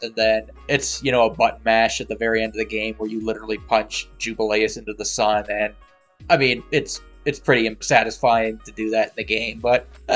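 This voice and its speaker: A man co-hosting a casual anime review podcast, talking about video games and often laughing as he speaks. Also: on the low side. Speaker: podcast co-host. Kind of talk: casual chat.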